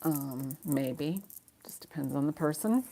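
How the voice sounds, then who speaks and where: Low gravelly-voiced woman hosting a live auction. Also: lively intonation, measured pace, dark tone, a little hiss or hum. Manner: chatty, rambling, laughs often. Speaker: live jewelry auction host. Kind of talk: casual live-stream selling.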